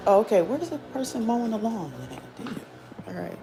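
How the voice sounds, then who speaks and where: A woman's voice: medium pitch, sing-song, brisk, warm tone, soft background music. A woman hosting a live stream, talking casually to her viewers in a sassy, teasing, slangy way.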